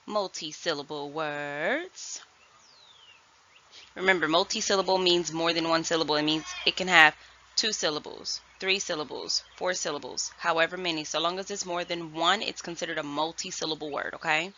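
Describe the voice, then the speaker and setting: Slow-spoken woman teaching first grade. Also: sits low, fairly even intonation, sharp tone. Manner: slow, clearly enunciated teacher talk. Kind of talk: virtual classroom lesson. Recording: dull lo-fi sound.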